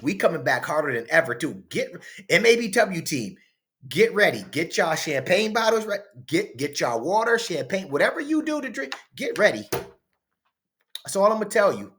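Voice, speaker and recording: Profane reaction host swinging wildly in pitch. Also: male voice, very animated, moderate pace, a little hiss or hum. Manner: loud, swinging from mutters to shouts, profane. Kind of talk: casual reaction commentary.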